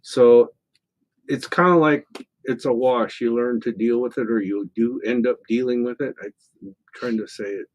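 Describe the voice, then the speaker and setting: A middle-aged man co-hosting a psychic call-in show, answering listener questions in a relaxed, rambling way full of fillers and restarts. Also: medium pitch, unhurried, muffled recording. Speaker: psychic radio show co-host. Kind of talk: casual call-in chat, reading listener questions.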